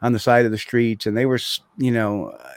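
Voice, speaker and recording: A man's voice: medium pitch, fairly quick, no echo. Rambling male podcast host. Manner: rambling, many restarts and fillers. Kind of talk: casual chat.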